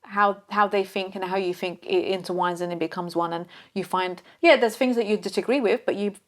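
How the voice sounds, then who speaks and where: Brief: woman, mid-pitched, chatty, self-deprecating, laughs easily. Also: fairly even intonation, fairly quick. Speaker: interview guest. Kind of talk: casual conversation.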